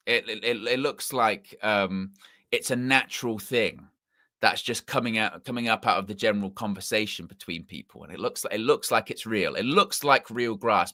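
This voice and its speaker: A football channel host with a medium-pitched, sharp-toned voice and a mixed English accent chats casually on a fan stream. He rambles and repeats himself while correcting his words. The studio-quality recording has no echo.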